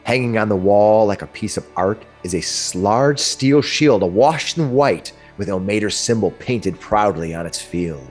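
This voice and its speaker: A man narrating a tabletop game as game master, telling the scene with animated, laughing energy. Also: fairly low pitch, moderate pace, few pauses, faint music behind.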